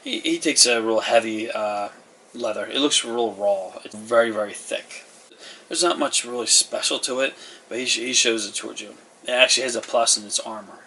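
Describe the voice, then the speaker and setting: A man's voice: mid-range voice, normal speed, sharp tone. A man running a tabletop game as game master, narrating in a casual, rambling way with lots of fillers. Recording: distant mic with faint noise.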